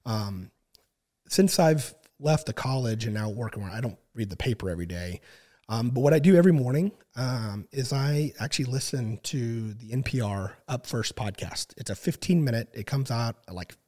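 A man in his thirties telling a long story in casual chat, with many fillers and frequent throat clearing. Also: mid-range voice, moderate pace. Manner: relaxed, filler-heavy, clears throat often. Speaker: podcast guest.

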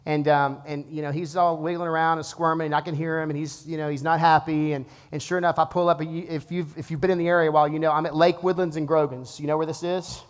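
A pastor in his thirties preaching to his church, telling a lively story and then dropping to a hushed, earnest tone. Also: a little high, fast talker, few pauses, clear, resonant tone. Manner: animated storytelling, swings from loud to hushed. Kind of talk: sermon. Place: church auditorium.

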